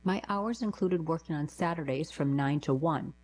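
Female narrator with a deep voice and a calm, even delivery for short-story readings. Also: moderate pace, low-quality recording. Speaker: narrator reading diary letters. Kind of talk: scripted narration.

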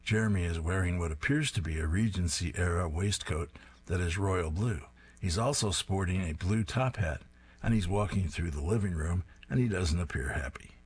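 Going panel by panel, a man describes and reads out comic strips with a steady, dryly amused delivery. He has a deep, husky voice and keeps a moderate pace.

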